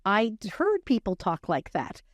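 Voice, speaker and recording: A woman's voice: medium pitch, a little slow, no echo. Canadian lady in her 60s, vancouver accent, chatty storyteller, dry close mic. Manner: lively, theatrical, laughs at her own stories. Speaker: guest, former child actor. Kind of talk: animated storytelling chat.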